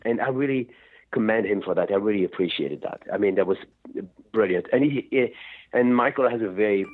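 A man, a rock singer, telling stories in a rambling, animated way during an interview. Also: fairly low pitch, brisk. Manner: rambling, animated storytelling with restarts. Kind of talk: phone interview. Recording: tinny phone line.

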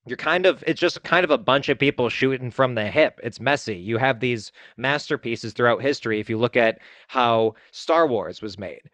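A man talking casually as a filmmaker guest in an interview, chatty and self-deprecating with quick asides. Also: medium pitch, a bit bright, no room sound.

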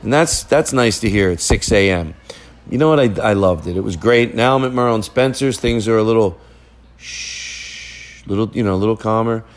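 A man's voice: on the low side, fast. A man hosting a podcast from a family living room, telling a rambling, joking story in casual chat. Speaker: podcast host.

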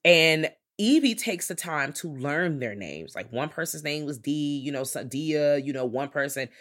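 Podcast co-host thinking out loud. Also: medium pitch, animated, moderate pace. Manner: thinks aloud, lists points, frequent fillers and profanity. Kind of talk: casual movie review chat.

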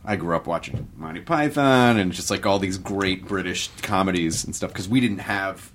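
A man's voice: sits low, normal speed, fairly bright tone, slight background noise. A middle-aged American man hosting a casual interview, playful and rambling with jokey asides. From United States. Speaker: interviewer host.

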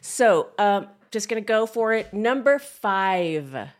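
A woman's voice: medium pitch, expressive, slow pace. A woman co-hosting a casual chat, chatty and giggly. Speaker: co-host.

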